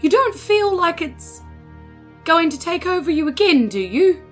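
A woman's voice: very high-pitched, very animated, measured pace, a bit bright, soft background music, pitched above the performer's own voice, heavily acted. Earnest town mayor, as a woman puts one on. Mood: concerned.

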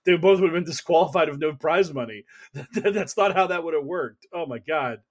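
Slightly high-voiced man, animated podcast co-host, loose storyteller. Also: normal speed, husky. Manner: animated storytelling, laughs often, swears. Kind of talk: casual chat.

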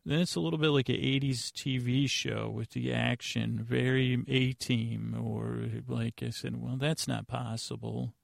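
A man hosting a podcast, giving a rambling, deadpan comedic recap of an episode with lots of fillers and restarts. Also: medium pitch, unhurried, gravelly, few pauses, dry recording, clean studio sound. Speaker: podcast host.

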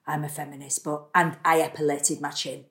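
A woman's voice: deep voice, flat delivery, brisk, a bit bright. A woman guest on a comedy podcast, speaking over a video call in a wry, understated, self-deprecating way. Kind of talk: casual chat.

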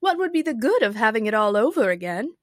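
A woman's voice: fairly high pitch, sing-song, fast talker, dry recording, clean studio sound. A woman reading aloud and voicing a fretful, scatterbrained old queen who wails and dithers. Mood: fussy. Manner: wailing cries, fussy and dithering.

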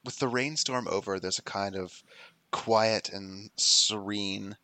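A man's voice: lowish voice, steady tone, takes it slowly, pushed and bright, no room sound. A man narrating as game master of a tabletop game, rambling with lots of fillers and laughs.

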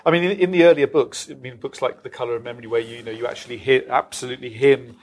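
A man's voice: medium pitch, steady tone, very fast. A man interviewing an author at a live event. He asks long, winding questions in an academic style. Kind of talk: onstage interview. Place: live event venue with an audience.

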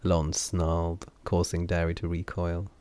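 A man reading a fantasy novel aloud in measured, scripted narration. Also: sits low, monotone, mellow, clean tone, dry recording. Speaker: audiobook narrator.

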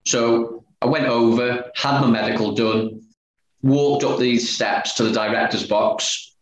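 A former footballer appearing as a guest tells a story chattily, retelling the conversations line by line with "he said, I said." His mid-range voice has fairly even intonation and a measured pace. The recording has a roomy echo and faint noise.

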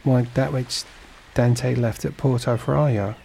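Sly jealous supercargo, voiced by a narrator, sneaky hinting way of talking. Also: male voice, mid-range voice, fairly even intonation, unhurried, creaky, dark tone, a little hiss or hum. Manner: insinuating, scheming. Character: male ship's supercargo, sly and envious.

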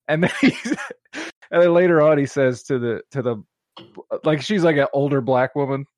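A man's voice: mid-range voice, brisk, darkish tone, no echo. Rambling, laughing male podcast host. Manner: rambling storyteller, laughs often. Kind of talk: casual chat.

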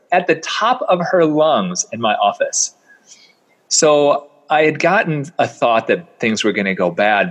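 A middle-aged man, a plastic surgeon, telling a story in an animated way and acting out the voices of the people in it. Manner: acts out quoted voices, rises sharply in pitch when incredulous.

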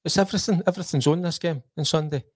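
A man's voice: fairly high pitch, rapid-fire, crowd noise. A Scottish man in a casual football chat, earnest and thinking aloud as he breaks down the team. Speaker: football pundit.

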